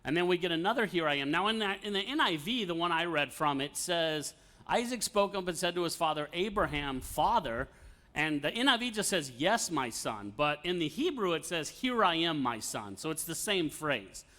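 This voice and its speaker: A man's voice: fairly high pitch, animated, moderate pace, bright, forceful tone. A man teaching an informal Bible study, talking conversationally with fillers and light laughs.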